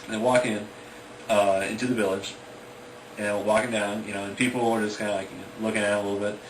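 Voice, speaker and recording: A man's voice: fairly low pitch, flat delivery, fast. A young man casually retelling his own fantasy story, rambling with lots of fillers and briefly acting out the characters. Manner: rambling, full of "you know" and "like", acts out the characters. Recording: echoey room, mic at a distance, background noise.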